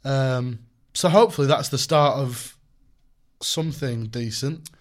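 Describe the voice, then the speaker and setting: A man's voice: mid-range voice, unhurried. Jokey rambling young man co-hosting. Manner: jokey, rambling with many ums and restarts. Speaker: podcast co-host. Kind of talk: casual chat.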